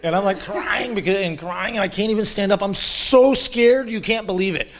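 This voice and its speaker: Animated, laughing man telling stories. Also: sits high, quick pace. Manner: animated, laughs often, swears, acts out voices of others. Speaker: shaman guest. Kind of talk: casual storytelling interview.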